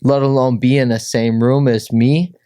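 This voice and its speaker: A man's voice: mid-range voice, level tone, moderate pace, dark tone, clean tone, no echo. Dry-voiced man telling a personal story. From Minnesota, USA. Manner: heavy "like" fillers, acts out quotes. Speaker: guest, pro fighter.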